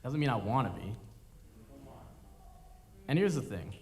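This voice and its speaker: A man's voice: mid-range voice, sing-song, unhurried. A young man performing a confessional, rambling, self-deprecating comedy monologue live on stage. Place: performance venue in front of an audience. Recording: live hall reverb with room noise.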